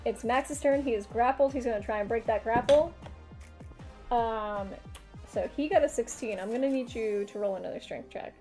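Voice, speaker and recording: A woman's voice: a little high, moderate pace, mellow. A young woman running a tabletop game as game master, casual and loose, with many fillers. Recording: faint music behind.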